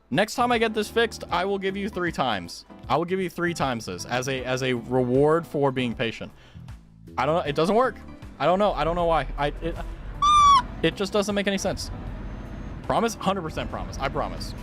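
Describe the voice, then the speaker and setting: A man streaming a trucking game, chatting to his viewers, laughing and yelping when things go wrong. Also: a little high. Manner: excitable, laughing, yelps at glitches, talks to chat. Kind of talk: casual game stream chat.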